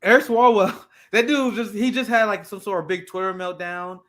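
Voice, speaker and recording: Young male podcast host, high bright voice, swearing and mocking in loose banter. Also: fairly even intonation, brisk. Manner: profane, ranting, mocking impressions. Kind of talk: casual chat.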